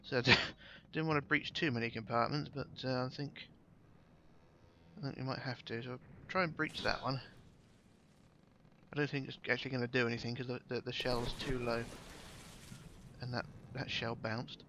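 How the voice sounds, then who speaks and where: A man's voice: mid-range voice, steady tone, normal speed, pauses often, pushed and bright, slight background noise. A man giving casual, chatty commentary while playing a game, swearing now and then and thinking aloud. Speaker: gameplay commentator.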